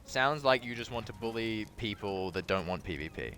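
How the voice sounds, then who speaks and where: A man's voice: fairly low pitch, animated, moderate pace, a bit bright, a little hiss or hum. A man ranting as a gaming video creator, exasperated and laughing at himself, swearing often. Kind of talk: ranting commentary on comments.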